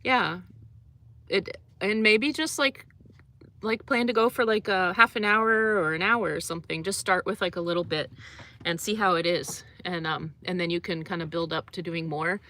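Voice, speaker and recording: Reading comments on her casual livestream, a young woman chats loosely, laughing often and filling gaps with lots of fillers. Her low-leaning voice has a sharp tone and moves at a moderate pace.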